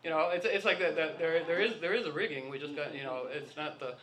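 A man with a bright, forceful voice, pitched a little high, tells winding stories and acts out the dialogue of each person in them. He wanders and restarts as he goes. The sound is roomy and echoey. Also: quick pace. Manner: rambling, acts out dialogue in anecdotes. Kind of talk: anecdotal storytelling talk. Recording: echoey room.

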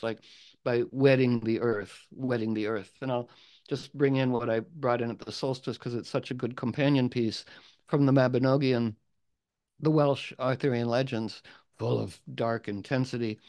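A man's voice: medium pitch, darkish tone. A man telling an old legend aloud in a casual, rambling way with asides. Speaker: storyteller. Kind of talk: oral storytelling.

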